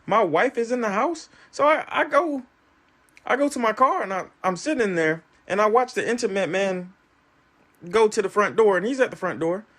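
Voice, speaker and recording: Man, casual storyteller, swooping animated pitch, acts out every quote. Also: moderate pace.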